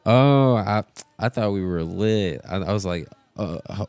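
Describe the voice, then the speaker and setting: A man's voice: deep voice, slow, vocal fry, pauses often, a little mellow, smooth, dry recording. A man hosting a casual live stream, rambling with many filler words as he talks into a podcast mixer setup. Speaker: host.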